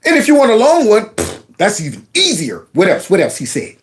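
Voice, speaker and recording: A man's voice: sits high, wildly swooping pitch, a little fast, a little hiss or hum. A man giving casual, mocking commentary on a video clip. He talks sarcastically and addresses his viewers as y'all.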